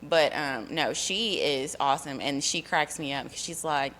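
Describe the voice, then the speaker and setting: Woman in her 30s, low voice, rambly and laughy, casual chat. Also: moderate pace, few pauses, a crowd in the background. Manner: rambling storyteller, many fillers and laughs.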